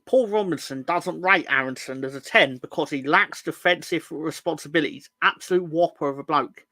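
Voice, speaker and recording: Sweary, sarcastic bright-voiced man. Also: on the high side, fairly quick, no echo. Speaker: podcast co-host. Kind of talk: casual football fan chat.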